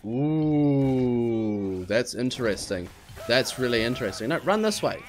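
An excitable man commentates a video game, talking half to himself and half to his viewers. His pitch swoops widely, jumping into high squeals at surprises and dropping low when he is fed up. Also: measured pace. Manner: talks to himself and the viewers, frustrated and puzzled. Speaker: gaming channel host. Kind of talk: let's play commentary.

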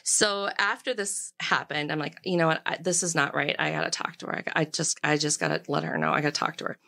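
A woman's voice: low voice, lively intonation, fast, bright, forceful tone. A woman in her forties telling candid stories in casual chat, acting out the dialogue as she goes. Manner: candid storyteller, acts out quoted dialogue. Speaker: podcast guest.

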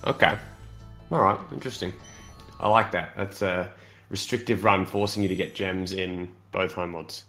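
A man's voice: sits low, fairly even intonation, normal speed, fairly bright tone, soft background music. A man casually commentating a video game race, chatty and rambling, with lots of fillers and restarts.

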